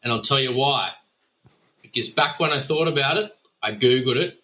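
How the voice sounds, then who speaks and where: A man's voice: medium pitch, moderate pace, pushed and bright, poor audio. Profane rambling Australian man. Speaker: podcast guest. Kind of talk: casual podcast chat.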